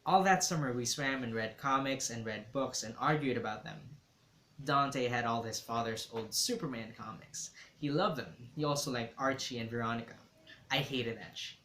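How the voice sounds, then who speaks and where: A man's voice: medium pitch, moderate pace, a bit bright, slight background noise. A man reading a novel aloud, telling the story in a reflective first-person way. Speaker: reader. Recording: roomy echo.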